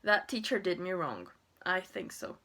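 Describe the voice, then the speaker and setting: A young woman and primary school teacher, talking casually to camera in a chatty, expressive way and laughing often. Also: lowish voice, normal speed.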